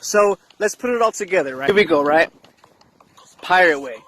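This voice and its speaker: A man's voice: sits high, lively intonation, moderate pace, long pauses, fairly bright tone, low-quality recording. A man hosting his channel, talking casually in a monologue, tagging lines with "right?" and mixing in slang and cursing. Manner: repeats "right?" as a tag, mixes slang and cursing. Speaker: channel host.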